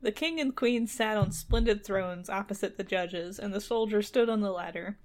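Woman, storybook reading, casual chat, wry deadpan asides, laughs a lot. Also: medium pitch, normal speed. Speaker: co-host reading a fairy tale aloud.

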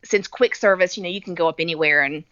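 Middle-aged lady chatting, kinda sarcastic, low-ish bright voice, dry close mic. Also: fast, no echo, muffled recording. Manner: chatty storytelling, sarcastic asides. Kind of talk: casual chat.

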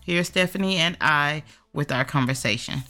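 A woman's voice: low voice, normal speed, sharp tone, faint music behind. A woman hosting her own friendship podcast, chatting casually and rambling with self-corrections, a little nasal from allergies. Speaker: podcast host, friendship coach.

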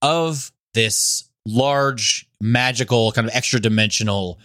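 A man's voice: mid-range voice, takes it slowly, a bit bright, dry recording, studio quality. A man narrating as game master of a tabletop game, casual and rambling with many fillers.

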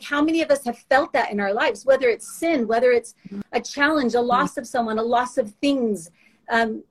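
Brief: earnest woman guest, a touch high-pitched, emotional testimony with halting restarts. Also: low-quality recording. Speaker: guest sharing faith testimony. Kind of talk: heartfelt spoken testimony.

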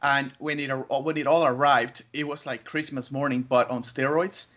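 A man telling his story as an interview guest, lively, laughing often and acting out other voices. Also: mid-range voice, normal speed. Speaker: interview guest, wedding photographer. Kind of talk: animated storytelling. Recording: muffled lo-fi audio.

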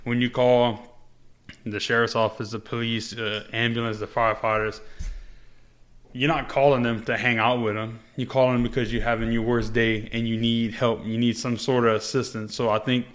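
A man's voice: mid-range voice, little pitch movement, normal speed. Laid-back man telling stories. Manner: laid-back storyteller, frequent fillers and profanity. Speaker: podcast host, former paramedic. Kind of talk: casual conversational interview.

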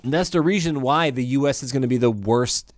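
A man's voice: medium pitch, fairly quick, no echo, studio quality. A young adult man co-hosting a podcast, talking earnestly with lots of "like" and casual swearing. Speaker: podcast co-host. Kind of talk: casual chat.

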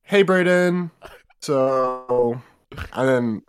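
A man's voice: medium pitch, very slow. A man co-hosting a podcast, rambling chummily in casual chat. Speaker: podcast co-host.

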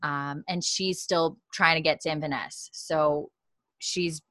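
Bright-voiced woman rambling through a recap. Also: low-pitched, fairly even intonation, slow pace, no echo. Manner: rambling, full of "like" and "you know". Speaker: podcast co-host. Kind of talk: casual recap chat.

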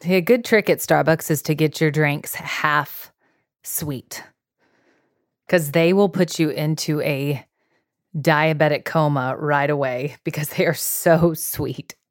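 Female co-host from Florida, deep for a woman, teasing, dry sound. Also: takes it slowly, no room sound. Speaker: podcast co-host. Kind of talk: casual chat.

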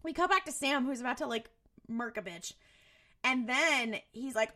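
A woman's voice: on the high side, moderate pace, pauses often. A woman co-hosting a podcast, recapping episodes in casual chat and acting out the characters' lines with many laughs. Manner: animated, acts out characters, laughs often. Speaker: podcast co-host.

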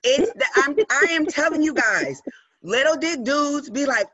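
A woman's voice: high-pitched, expressive, measured pace, a bit bright, no echo, dull audio. A woman co-hosting a podcast, talking in an emphatic, outspoken way. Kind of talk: casual chat.

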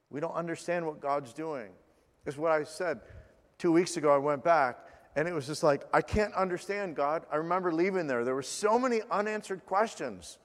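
Earnest preaching man in a reverberant hall. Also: on the high side. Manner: earnest preaching, slows for scripture and prayer, softens to near hush. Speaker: pastor. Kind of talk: sermon.

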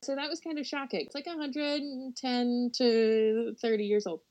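A woman's voice: fairly high pitch, little pitch movement, moderate pace, a little mellow, rough recording. A woman hosting a podcast, from the United States, talking casually with frequent laughs and fillers. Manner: chatty, laughs often, frequent "like". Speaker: podcast co-host presenting a topic.

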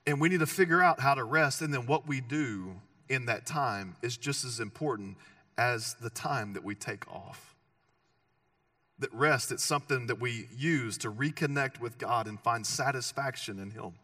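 A man's voice: medium pitch, moderate pace, pushed and bright, no echo, studio quality, distant mic. A man preaching a sermon as pastor, conversational and joking, with emphatic repeated phrases.

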